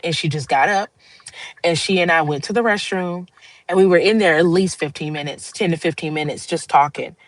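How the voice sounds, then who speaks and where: A woman's voice: on the low side, fairly quick, dry recording, poor audio. A woman hosting a livestream, talking to viewers in a casual, heartfelt monologue. She rambles earnestly and laughs often. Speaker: livestream host.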